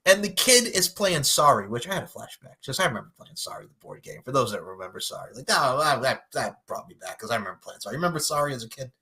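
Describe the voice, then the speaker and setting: A man co-hosting a casual pop culture podcast, recapping a movie in a profane, animated way, laughing often and acting out the characters' lines. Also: medium pitch, fast talker, few pauses, husky. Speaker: podcast co-host.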